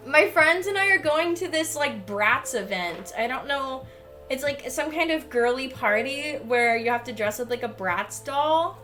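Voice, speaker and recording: A woman's voice: high-pitched, animated, normal speed, a bit bright, soft background music. A young woman livestreamer chatting casually as she unboxes packages, gushing and swearing freely. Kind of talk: casual chat while unboxing.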